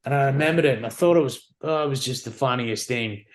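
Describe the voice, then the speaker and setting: A man's voice: mid-range voice, quick pace. A man, a podcast guest, telling stories casually and animatedly, swearing and acting out the dialogue. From Australia. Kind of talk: casual storytelling.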